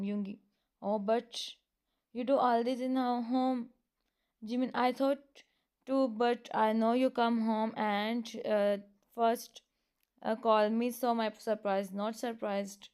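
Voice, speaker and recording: A woman reading a romance fan story aloud in a casual, halting way, with many fillers and restarts. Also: a little high, a little mellow, clear, resonant tone. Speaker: fan fiction reader.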